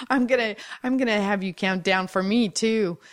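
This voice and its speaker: A woman co-hosting a podcast in casual, bubbly chat, teasing and laughing often. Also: mid-range voice. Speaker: podcast co-host.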